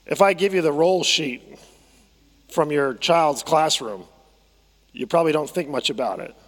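A man's voice: fairly high pitch, fairly bright tone. Male pastor preaching in a reverberant church. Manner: conversational, repeats phrases, asks congregation to respond. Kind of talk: sermon. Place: church sanctuary.

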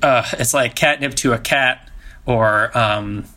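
Bright-voiced man improvising a boastful fake scientist. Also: medium pitch, slow. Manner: mock-boastful, rambling. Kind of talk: improvised comedy on a call.

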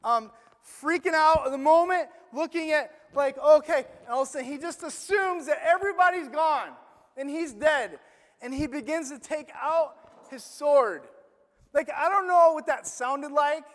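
A man preaching a sermon. He retells a story in an animated, conversational way, full of "like" fillers. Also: very high voice, moderate pace, in a large hall.

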